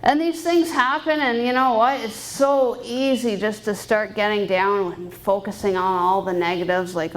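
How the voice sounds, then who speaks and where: A woman's voice: medium pitch, moderate pace, hardly any pauses, poor audio. Upbeat woman giving a banquet talk. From Canada. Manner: candid and upbeat, laughs often. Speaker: guest speaker and private pilot. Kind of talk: personal talk at a fundraising banquet. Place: banquet hall.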